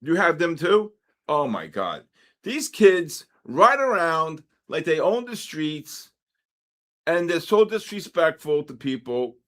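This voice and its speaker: A man's voice: on the high side, takes it slowly. Rambling, wisecracking New man. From New York. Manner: rambling, wisecracking, animated storytelling with asides to chat. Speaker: trading livestream host. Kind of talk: casual chat while trading live.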